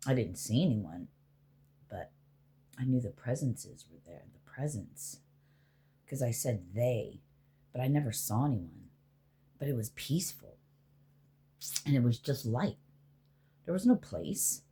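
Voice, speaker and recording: A woman's voice: rumbling low, very animated, a little slow, pauses often, dark tone, husky. A middle-aged woman, a spiritual healer, rambling casually and with profanity as she talks to spirits aloud.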